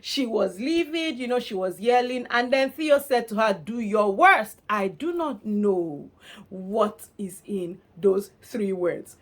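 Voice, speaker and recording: A woman vlogger recaps reality show drama in a casual, gossipy way. Her voice sits in a middle register, and she is animated and expressive, laughing often as she tells it. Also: mid-range voice, slow pace.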